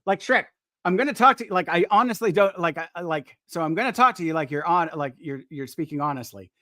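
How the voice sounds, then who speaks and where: Guy hosting a chill live chat, kinda high voice, dry close sound, lots of restarts. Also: lively intonation, quick pace, pushed and bright, no echo. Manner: hesitant, many restarts, polite. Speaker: host.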